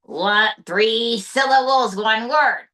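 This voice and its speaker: Woman performing a crude, boastful male president impression; smug, drawn-out delivery. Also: on the high side, fairly bright tone, far from the mic.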